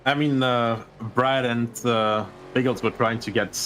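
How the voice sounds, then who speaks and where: A man's voice: medium pitch, fairly even intonation, unhurried, a bit bright, a little hiss or hum, low-quality recording. A man co-commentating a live charity race in a joking, easygoing way.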